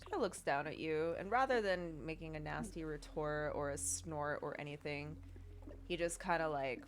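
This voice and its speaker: A woman's voice: sits low, moderate pace, a little hiss or hum. A woman acting as game master, narrating a tabletop game in a chatty, loose way.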